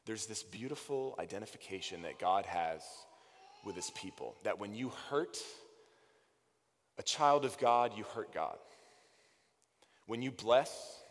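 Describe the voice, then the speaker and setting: A man preaching a sermon, rising to loud emphasis and dropping to hushed quoted lines. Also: medium pitch. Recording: long reverb of a large hall.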